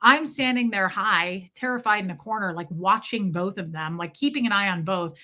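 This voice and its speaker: Bright-voiced woman telling a personal story. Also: medium pitch, moderate pace. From Kansas City, USA. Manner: candid, emotional, lots of "like" fillers. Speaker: podcast host.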